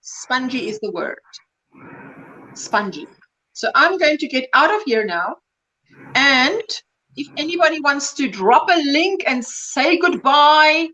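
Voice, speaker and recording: A woman's voice: high-pitched, very animated, slow pace, pushed and bright, highs cut off. A woman hosting a casual crochet livestream, talking in a gushing, enthusiastic, chatty way.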